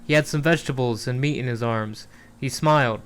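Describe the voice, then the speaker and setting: Smooth-voiced man reading aloud casually. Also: mid-range voice, brisk. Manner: laughing at his own writing, stumbling and restarting. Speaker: streamer reading his own novel. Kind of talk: casual read-aloud on a stream.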